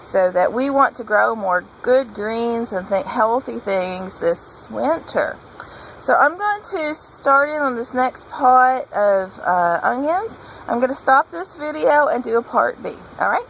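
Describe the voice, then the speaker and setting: Chatty woman with a gravelly edge. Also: fairly high pitch, lively intonation, takes it slowly, a bit bright, a little hiss or hum, low-quality recording. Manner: chatty, rambling, enthusiastic. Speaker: homesteading vlogger. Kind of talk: casual gardening demonstration.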